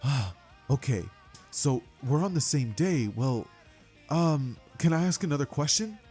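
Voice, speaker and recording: A man's voice: mid-range voice, very animated, measured pace, darkish tone, faint music behind. A man voicing a timid, nervous teenage boy student who stammers and rambles, in a fan-made spoken story.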